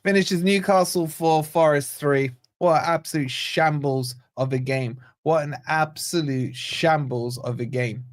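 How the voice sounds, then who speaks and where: A man's voice: a little high, unhurried, few pauses. A man hosting a live football watch-along, blunt and sarcastic, venting about his team as the match plays out. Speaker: fan channel host.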